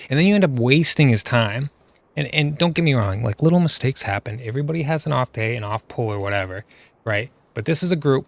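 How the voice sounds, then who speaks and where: A man's voice: mid-range voice, fairly quick, a bit bright, no echo. A man ranting in exasperation over gameplay footage, casual and chatty, often checking in with "right?" as he talks. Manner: exasperated, ranting, keeps tagging "right?" and "you know what I mean?". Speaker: gaming commentator.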